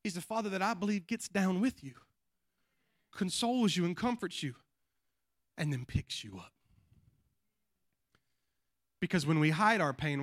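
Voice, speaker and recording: A man preaching a sermon to a congregation, swinging between loud emphatic peaks and quiet, low passages, and calling on the people to answer back. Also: lively intonation, a little slow, long pauses, no room sound, clean studio sound. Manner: calls on the congregation to respond. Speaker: pastor.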